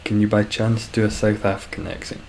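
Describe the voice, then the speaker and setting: A man's voice: fairly low pitch, little pitch movement, brisk, gravelly, darkish tone, a little hiss or hum, low-quality recording. A young man streaming a game, chatting casually with viewers in a rambling, self-deprecating way.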